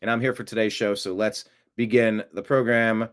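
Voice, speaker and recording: A man's voice: lowish voice, fairly even intonation, moderate pace, long pauses, a bit bright. A man hosting a live stream, chatting casually and reading viewer comments with rambling, jokey asides. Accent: American. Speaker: show host.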